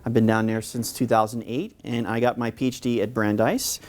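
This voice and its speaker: A man from New York with a New York accent, giving a history lecture, speaking fast with frequent filler "uh"s. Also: medium pitch, flat delivery, background noise. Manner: fast-talking, many filler uhs. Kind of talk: public lecture.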